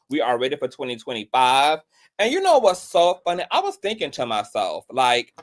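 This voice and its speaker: A man hosting a casual livestream chat, sassy and flamboyant, greeting viewers by name in long drawn-out calls and calling everyone "girl" and "child". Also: mid-range voice, a bit bright. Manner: peppers talk with "girl" and "child". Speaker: livestream host.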